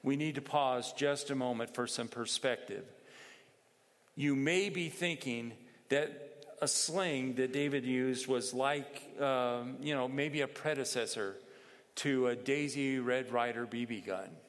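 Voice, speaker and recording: A man preaching a sermon in a measured, explanatory way, pausing for asides. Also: medium pitch. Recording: long reverb in a hall.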